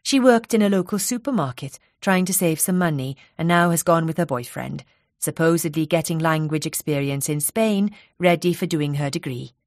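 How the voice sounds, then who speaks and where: A woman reading a story gives a newly arrived mother a polite, measured and curious voice. Her tone sits fairly low, and the sound is dry and close. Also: a little mellow, no echo.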